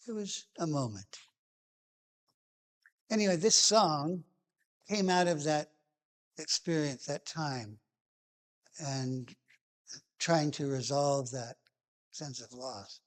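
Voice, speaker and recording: A man telling a personal memory behind a song, halting and restarting, with phrases that trail off softly. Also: fairly high pitch. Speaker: singer-songwriter telling a song's background. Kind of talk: personal reminiscence.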